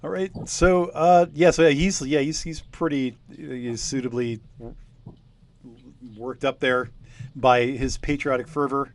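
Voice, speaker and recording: A man's voice: medium pitch, steady tone, unhurried. A man running a tabletop game, talking casually with lots of hesitations and laughs. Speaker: game master.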